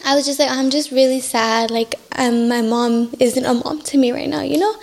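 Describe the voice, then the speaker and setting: A woman's voice: sits high, steady tone, moderate pace, gravelly, a little mellow, a little hiss or hum. A young woman telling a personal story as a podcast guest, with frequent likes and Spanish words mixed in. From Mexican-American family. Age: young adult. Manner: talks with many likes, mixes in Spanish words.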